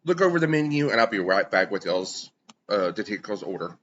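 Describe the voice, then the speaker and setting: A man voices a friendly, motherly tiefling barmaid who fusses over her guests and keeps calling them sugars. His voice is bright and forward, and the sound is a little dull and lo-fi, like a stream mic. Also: fairly low pitch, very animated, fairly quick, a little hiss or hum. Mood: chatty, fussing. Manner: says "sugars" and "y'all", chatty and fussing. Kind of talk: tabletop role-play character voice.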